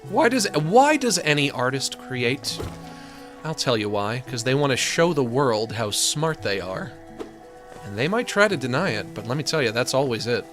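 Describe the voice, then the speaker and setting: A man in his thirties streaming a game, talking casually with sardonic, deadpan rants that burst into exasperated complaints. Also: medium pitch, normal speed, soft background music. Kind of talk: casual live-stream chat while gaming.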